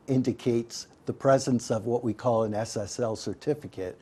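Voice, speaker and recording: A man's voice: medium pitch, normal speed, few pauses, warm tone, husky. A man giving an instructional talk on staying safe online, folksy and emphatic, often calling his listeners folks. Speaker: digital literacy instructor.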